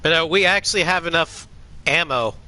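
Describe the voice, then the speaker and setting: A man giving casual, unhurried commentary while streaming a flight game. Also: a little high, bright, forceful tone, a little hiss or hum. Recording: live stream with game music.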